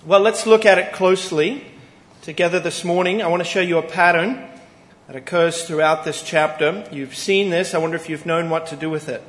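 A man preaching a Sunday morning sermon, earnest and emphatic, pausing deliberately on key phrases. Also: fairly high pitch, fairly bright tone. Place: church sanctuary. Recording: echoey church hall with long reverb.

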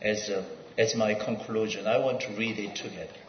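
A man's voice: on the low side, steady tone, slight background noise. Man preaching a sermon, leans hard on the verses he reads, roomy echo, kinda muffled sound. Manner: emphatic, reads scripture aloud with pauses. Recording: dull echoey hall sound.

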